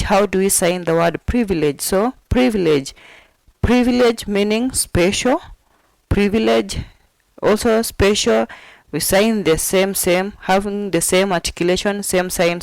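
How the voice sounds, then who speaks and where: A woman gives a patient sign language lesson, saying each term again and again in a slow, deliberate way. Her voice sits at an ordinary middle pitch. The sound is dry and close, with no room echo. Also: darkish tone. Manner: repeats each word several times, patient and deliberate. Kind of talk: slow instructional explanation.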